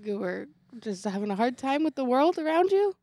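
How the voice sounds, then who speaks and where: A woman's voice: high-pitched, big pitch swings, normal speed, warm tone, dry recording, clean studio sound. A young woman co-hosting a podcast in casual chat, laughing often as she talks. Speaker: podcast co-host.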